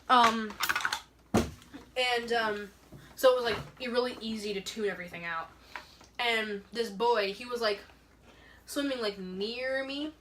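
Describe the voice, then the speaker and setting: A young woman co-hosting a casual podcast tells a personal story in a fairly high voice, speaking slowly and pausing often. She rambles, says "like" constantly, and laughs often, with background noise behind her.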